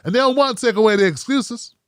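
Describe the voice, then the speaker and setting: A man hosting a live call-in show, talking in an animated, profane, joking way. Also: extremely high pitch, fast, clear, resonant tone, no echo, studio quality. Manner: animated, profane, jokey impressions. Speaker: host taking calls.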